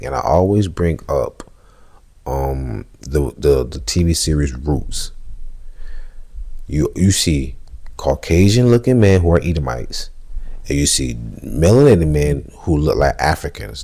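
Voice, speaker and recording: Deep, husky man preaching to viewers. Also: dark tone. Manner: emphatic, rhetorical questions to viewers; reads scripture slowly, then speeds up in comment. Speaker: religious commentator. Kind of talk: preaching commentary with scripture reading.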